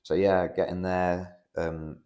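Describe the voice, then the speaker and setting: Young man, deep low voice, casual rambling story, lots of "like" fillers, sweary. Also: flat delivery, slow pace, a little mellow. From United Kingdom. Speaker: guest, amateur MMA fighter.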